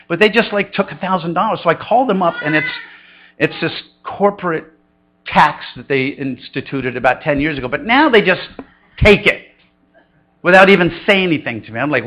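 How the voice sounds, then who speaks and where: Brisk and animated, this middle-aged man delivers a humorous, story-driven sermon as a pastor, his voice pushed and bright. Quoted voices get acted out with big leaps in pitch, all on a low-quality recording.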